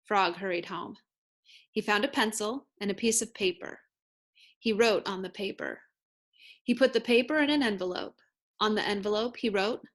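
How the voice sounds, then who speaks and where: A woman teacher reads a children's picture book aloud at an easy, measured pace. Her narration is clear and gentle, made for young listeners. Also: mid-range voice. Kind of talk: read-aloud storybook narration.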